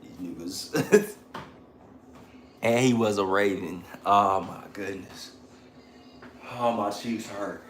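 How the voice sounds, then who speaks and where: A man hosting a livestream in casual chat, animated, slangy and profane, laughing often. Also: fairly low pitch, takes it slowly, pauses often, reverberant, a little hiss or hum. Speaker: channel host on a livestream.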